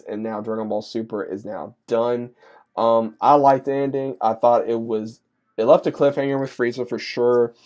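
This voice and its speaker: A man with a low, mellow voice talks through an episode in a rambling, run-on recap. His delivery stays mostly flat, strung together with "and then" and "he says." Soft music plays faintly behind him. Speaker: anime reviewer.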